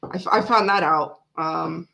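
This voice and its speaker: A woman's voice: low-pitched, a little slow, gravelly, pushed and bright. A woman in her thirties hosting a live tarot stream, chatting in a frank, rambling way and often laughing. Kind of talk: casual live-stream chat.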